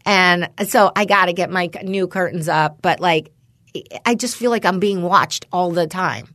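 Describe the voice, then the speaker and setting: A middle-aged woman co-hosting a podcast, telling a rambling story in casual chat and putting on animated voices when she quotes people. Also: on the low side, normal speed, dry recording, clean studio sound. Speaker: podcast co-host.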